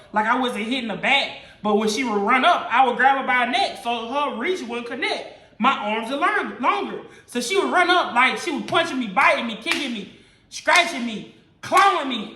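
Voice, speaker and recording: A woman's voice: high-pitched, sharp tone, reverberant. A woman vlogger telling a personal story to camera in an emphatic, profane, slangy way. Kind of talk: storytime monologue.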